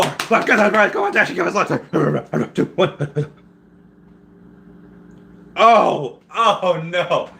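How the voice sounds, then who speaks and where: During a relaxed live stream, a Peruvian host reads chat comments aloud and gives rambling answers, repeatedly restarting what he's saying. His voice is mid-range, bright and forceful, and slight background noise is present.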